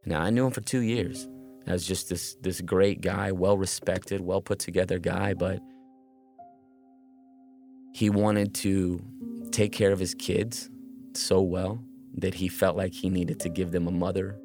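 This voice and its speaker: Deep-voiced man telling a true story. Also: steady tone, a little mellow, faint music behind. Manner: earnest, halting retelling with restarts. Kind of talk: personal story narration.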